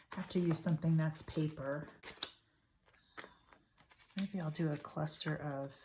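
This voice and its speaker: A woman with a low-pitched voice talks through a crafting session in a soft, unhurried way, half to herself. A faint noise floor sits under the recording. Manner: soft, unhurried, talking to herself while working. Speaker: craft channel host. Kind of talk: relaxed crafting commentary.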